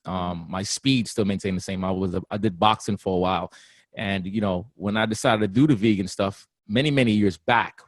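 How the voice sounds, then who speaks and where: A man talking casually as a guest trainer, animated and often laughing, acting out other people's voices. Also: sits low, brisk, dry recording. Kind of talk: casual interview talk.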